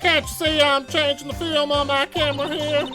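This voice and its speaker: A woman voicing a brash, feisty Southern country woman photographer with a loud, folksy drawl, over game music. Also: sits high, little pitch movement, moderate pace, natural voice. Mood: scolding. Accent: Southern US drawl, put on. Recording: game music playing behind.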